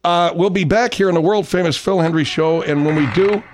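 A man's voice: sits high, fairly quick, noisy background. A man hosting a comedic talk radio show, bantering with callers and guests in an exasperated tone.

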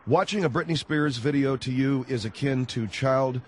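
A man's voice: mid-range voice, normal speed, darkish tone, a little hiss or hum. A man hosting a call-in radio show, interrupting his caller with incredulous questions. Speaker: radio talk show host.

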